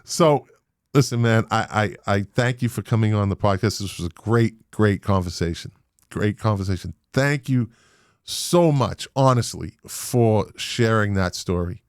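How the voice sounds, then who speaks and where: A man with a Boston accent hosting a podcast interview, animated and emphatic, with casual swearing. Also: on the low side, unhurried, dry recording, studio quality. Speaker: podcast host.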